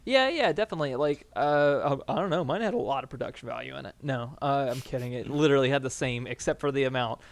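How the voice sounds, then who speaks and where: A young man co-hosting a podcast, telling stories in a rambling, animated way with lots of fillers. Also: medium pitch, quick pace, few pauses, no room sound. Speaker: podcast co-host. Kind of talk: casual chat.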